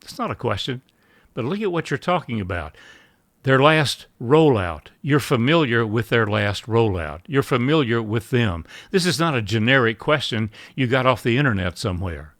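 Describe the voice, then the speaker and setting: Man, sales trainer, measured instructional delivery, mid pitch, dry close sound. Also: expressive, fairly bright tone, dry recording. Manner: measured, acts out sample buyer and seller lines. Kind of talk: instructional talk.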